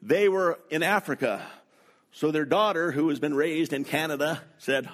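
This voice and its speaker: Slow, storytelling middle-aged male pastor. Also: on the high side, fairly bright tone. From North America. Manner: slow, deliberate, anecdotal delivery. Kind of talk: sermon storytelling.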